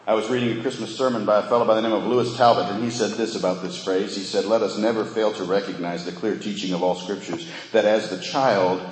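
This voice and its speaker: Deep-voiced man preaching in echoey hall. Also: steady tone, a little hiss or hum. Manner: rhetorical questions, slow emphatic repetition. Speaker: pastor. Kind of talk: sermon. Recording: echoey hall with faint ambience.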